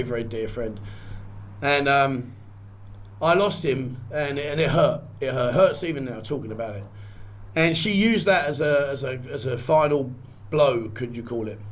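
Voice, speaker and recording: A man earnestly telling a personal story, often halting and repeating words. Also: a little high. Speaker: guest telling his story.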